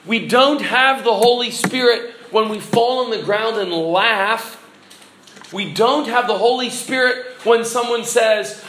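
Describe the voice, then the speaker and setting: A man's voice: extremely high pitch, a little slow, fairly bright tone, roomy sound, a little hiss or hum, rough recording. A man preaching a sermon as pastor, earnest and exhorting, putting questions to the congregation.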